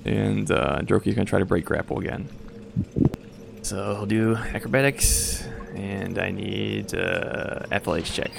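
A man's voice: on the low side, measured pace, gravelly, music in the background. A man narrating as game master of a tabletop game, hesitant and full of fillers. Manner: hesitant, filler-heavy, stuttering.

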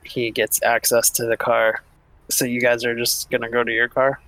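A man's voice: medium pitch, little pitch movement, moderate pace, a bit bright, low-quality recording. A man narrating casually as game master, with loose phrasing and fillers.

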